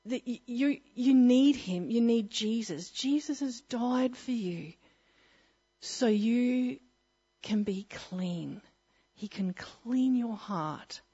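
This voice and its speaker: Woman, testimony speaker, fairly high husky voice, earnest with frequent laughs, dull lo-fi recording. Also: animated, slow, dark tone. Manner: earnest, laughs often, restarts mid-sentence. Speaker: church speaker sharing her testimony. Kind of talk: personal testimony talk.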